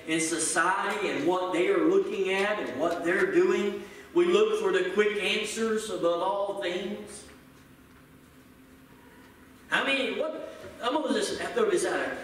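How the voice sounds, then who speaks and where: Man, pastor, sermon, playful, acts out dialogue, high voice, heavy church echo. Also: animated, fairly bright tone, a little hiss or hum. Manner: playful, joking with the congregation, acting out quick bits of dialogue. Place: church sanctuary. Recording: echoey room, picked up from a distance.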